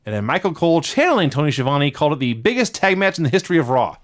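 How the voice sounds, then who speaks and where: A man co-hosting a casual wrestling podcast, recapping events quickly and laughing often. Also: a little high, big pitch swings. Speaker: podcast co-host.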